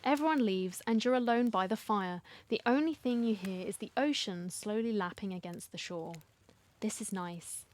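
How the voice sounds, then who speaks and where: A woman's voice: medium pitch, normal speed, slight background noise. A woman streamer reading a dating sim story aloud, with dramatic storytelling and wry asides. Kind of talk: reading game text aloud with commentary.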